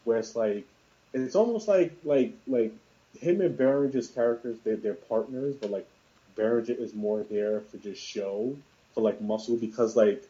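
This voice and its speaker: Dark-voiced man rambling about films. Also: medium pitch, moderate pace. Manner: rambling, many fillers and restarts. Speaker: podcast co-host discussing films. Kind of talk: casual chat. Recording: dull lo-fi sound.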